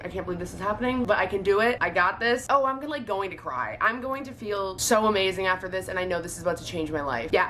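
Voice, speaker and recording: A woman's voice: lowish voice, fairly bright tone, a little hiss or hum. A young woman in her twenties narrating a storytime vlog in a chatty, dramatic way, swearing casually. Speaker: vlogger. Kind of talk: storytime voice-over.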